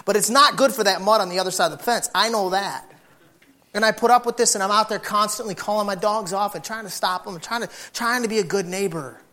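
A man preaching with humorous storytelling, acting out neighbors and dogs in animated bursts. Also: high voice, fast talker.

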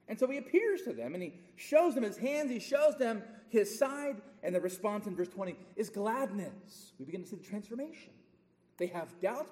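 A male preacher with a high, lively voice, delivering an emphatic sermon. He swings from soft, low asides to loud declarations. His voice rings with long reverb through a church sanctuary.

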